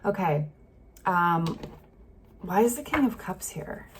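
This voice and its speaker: A woman giving a casual tarot reading, talking gently and thinking aloud with many fillers. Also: on the low side, lively intonation, slow pace. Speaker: tarot reader. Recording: faint street noise behind.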